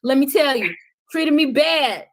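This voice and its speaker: Middle-aged woman preaching on a podcast, kinda high voice, fired up then goes quiet and heavy. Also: lively intonation, measured pace. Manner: impassioned, preachy, drops to soft intensity. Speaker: podcast guest. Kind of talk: passionate conversational talk.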